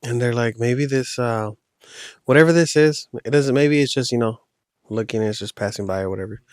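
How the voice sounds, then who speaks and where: A man's voice: medium pitch, brisk, no echo, studio quality. Man rambling through a horror story. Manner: loose, rambling retelling with slang. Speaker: podcast host telling a horror story. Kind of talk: casual storytelling.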